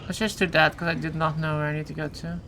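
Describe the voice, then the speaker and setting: A woman's voice: low voice, flat delivery, fast talker, noisy background. A woman with a Flemish accent, casually chatting with her viewers while playing a game. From Flanders, Belgium. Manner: chatty, talks to chat while playing, swears lightly. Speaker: streamer. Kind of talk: casual live game commentary.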